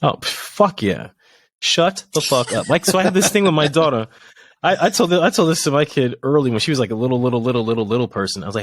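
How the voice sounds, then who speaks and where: A man's voice: mid-range voice, animated, quick pace, a bit bright, dry recording. A man in his thirties tells a long story on a podcast, circling back on himself and packing every sentence with fillers. He is recorded close and dry, with no room sound around him. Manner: rambling, filler-heavy storytelling. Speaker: podcast co-host. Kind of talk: casual chat.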